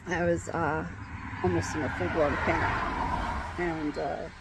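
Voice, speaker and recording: Slow, halting woman telling a story. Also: low-pitched, flat delivery. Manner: halting, many ums and restarts. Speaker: vlogger telling a personal story. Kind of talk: casual storytelling. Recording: faint background noise.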